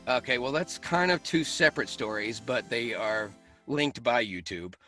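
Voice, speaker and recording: A man who works as a voice actor, chatting as an interview guest. He tells animated stories and laughs often. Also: mid-range voice, moderate pace, faint music behind. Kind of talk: casual interview chat.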